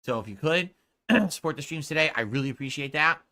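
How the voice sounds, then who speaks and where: A male streamer talks fast in a sharp, bright voice. He lectures and argues back at his chat with indignation. His voice sits fairly high. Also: animated. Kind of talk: livestream talk to chat.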